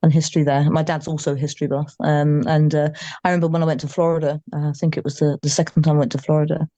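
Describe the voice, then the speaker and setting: A woman's voice: low voice, flat delivery, very fast, warm tone, no echo, muffled recording. An English woman, a singer being interviewed, chatting casually and trailing off with ums and tag questions over a remote call. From England. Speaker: guest singer.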